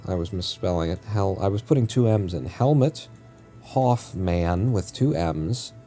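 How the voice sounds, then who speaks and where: A man's voice: sits low, animated, unhurried, warm tone, faint music behind. A man streaming a game live, chatting casually in a rambling, joking way and often correcting himself mid-sentence. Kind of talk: casual live-stream chat while playing.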